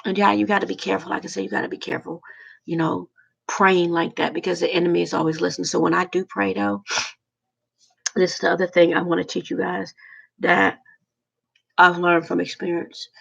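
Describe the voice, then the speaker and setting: A woman talking to her viewers in a rambling, halting, heartfelt way about prayer and loneliness. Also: on the low side, flat delivery, vocal fry, fairly bright tone, slightly rough, highs cut off. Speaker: vlogger. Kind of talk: casual heartfelt monologue.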